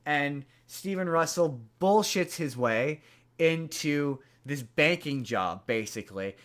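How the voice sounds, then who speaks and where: A man's voice: on the high side, expressive, slow pace, a bit bright. A man hosting a podcast, casually retelling a movie's plot in a rambling way, full of fillers and restarts. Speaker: podcast host.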